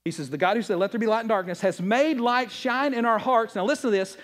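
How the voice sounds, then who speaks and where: High-pitched guy preaching, lots of questions to the crowd, gets loud then drops way down. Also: fast talker, hardly any pauses. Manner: emphatic preaching, swings between loud and hushed; asks the audience rhetorical questions. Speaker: pastor. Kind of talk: sermon.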